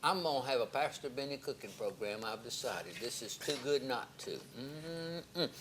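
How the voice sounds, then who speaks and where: A man's voice: medium pitch, lively intonation, normal speed, slight background noise. A man, a pastor hosting a TV program, chatting and joking exuberantly while tasting food in a studio kitchen. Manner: exuberant, joking, loud exclamations. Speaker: pastor and show host. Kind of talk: TV cooking segment chat.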